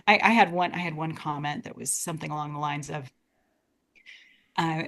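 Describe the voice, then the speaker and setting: Young american woman chatting on a podcast, kinda low voice, earnest, keeps restarting her sentences. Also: a little fast. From United States. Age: young adult. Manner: earnest, restarts often with repeated words. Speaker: guest, Shakespeare educator. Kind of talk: casual interview conversation.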